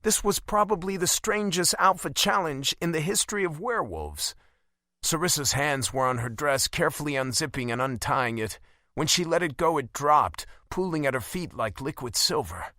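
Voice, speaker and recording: Bright, animated male audiobook narrator. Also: fairly high pitch, normal speed, dry recording, clean studio sound. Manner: dramatic, emotionally charged delivery. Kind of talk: first-person scripted narration.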